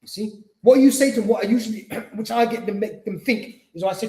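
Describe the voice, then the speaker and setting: A man's voice: high voice, a little fast, few pauses, dark tone. A man teaching at an Islamic centre, speaking conversationally, acting out little dialogues and often adding "you see". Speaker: Islamic teacher and spiritual healer. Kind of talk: mosque lecture. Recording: echoey lecture hall.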